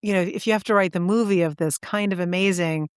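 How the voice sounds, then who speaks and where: A woman co-hosting a podcast, telling a story in casual chat with animated enthusiasm and sudden jumps in pitch for emphasis. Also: quick pace, clear, resonant tone, no room sound, studio quality. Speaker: podcast co-host.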